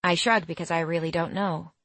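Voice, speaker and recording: A young woman narrating a first-person story in a measured, quietly bemused way, in a studio. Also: on the low side, steady tone, dry recording. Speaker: audiobook narrator.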